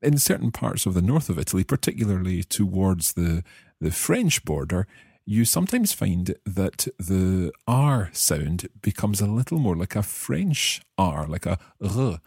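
A man's voice: low-pitched, big pitch swings, unhurried, gravelly, a little mellow, husky, dry recording, studio quality. A Scottish man hosting a language-learning podcast, explaining patiently and encouraging his listeners. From Scotland. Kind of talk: friendly explanatory teaching.

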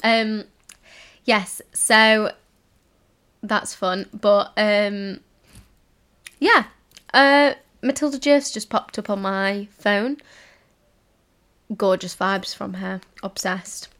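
A woman's voice: mid-range voice, slow pace, pauses often, a bit bright. A young woman hosting a casual solo podcast from home, talking in a rambling, giggly way with lots of fillers. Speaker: podcast host. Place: home, indoors, in a cozy room.

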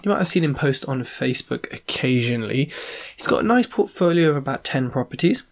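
A man hosting a property podcast, chatty and jokey with quick asides. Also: medium pitch, animated. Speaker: podcast host. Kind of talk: casual podcast interview.

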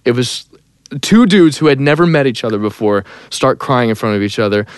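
A young man, a songwriter and singer, telling a story in a casual interview, lively and animated, dropping into sung snippets. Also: mid-range voice, a little fast, clean tone, dry recording, clean studio sound. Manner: animated, breaks into sung snippets and acted quotes.

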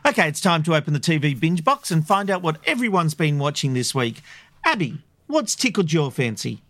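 A man's voice: fairly high pitch, big pitch swings, fairly quick, fairly bright tone, no room sound. A man co-hosting a podcast, chatting casually and assertively steering the conversation. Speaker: podcast co-host.

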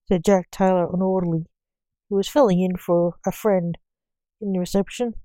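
A woman narrating a story in a measured, steady reading voice. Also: lowish voice, dry recording.

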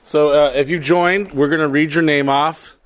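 A man's voice: on the high side, fairly even intonation, normal speed, no echo. Man hosting a podcast, reading out member names. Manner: loose, profane, reads out listener names. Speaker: podcast host. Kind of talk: casual podcast chat.

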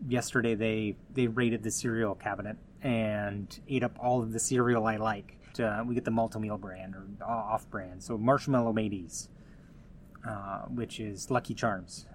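A man's voice: fairly low pitch, steady tone, normal speed, a little hiss or hum. Casual man talking on his own podcast. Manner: conversational, rambling with frequent restarts and asides. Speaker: podcast host. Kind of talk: casual solo podcast talk.

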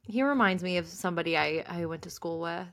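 Lower-voiced woman reacting with quick quips. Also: a bit bright. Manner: reactive listener, gasps and quick teasing remarks. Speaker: podcast co-host. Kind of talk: casual chat.

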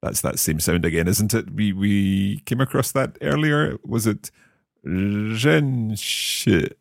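A man's voice: on the low side, slow pace, gravelly, no room sound, studio quality. A man hosting a language lesson, asking questions and carefully repeating new phrases. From Scotland. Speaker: learner host of a language lesson.

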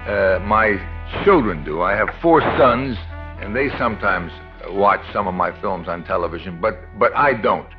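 A middle-aged man, a film star, being interviewed on stage and telling lively anecdotes in which he acts out the other people. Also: lowish voice, moderate pace, over music. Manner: animated storyteller who acts out the people in his stories. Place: film theatre stage before an audience. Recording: dull archive recording with faint hiss.

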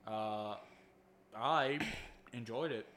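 A man's voice: medium pitch, very slow, fairly bright tone, a little hiss or hum. A man co-hosting a casual podcast with his sibling, mumbling his stories and trash-talking with heavy swearing. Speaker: podcast co-host. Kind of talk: casual chat.

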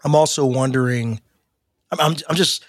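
A man co-hosting a podcast in casual chat, animated and rambling, with frequent laughs. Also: medium pitch, normal speed, dry recording, studio quality. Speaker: podcast co-host.

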